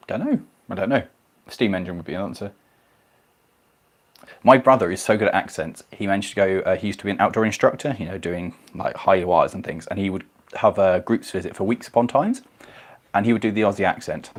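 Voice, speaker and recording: A man's voice: low voice, fairly quick, pauses often. A man hosting a casual live stream, rambling and self-deprecating as he reads viewer comments.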